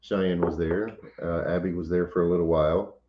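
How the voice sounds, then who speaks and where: A very deep-voiced man chats casually on a home livestream, pausing and restarting as he greets viewers. The sound is roomy and slightly dull. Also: fairly even intonation. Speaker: homestead channel host.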